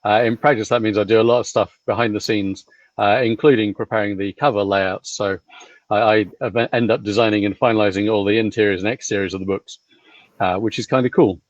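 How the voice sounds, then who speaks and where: A man working as a publishing coordinator, chatting in a relaxed, easygoing way on a video call. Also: lowish voice, fairly quick, no room sound, highs cut off. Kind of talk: casual chat.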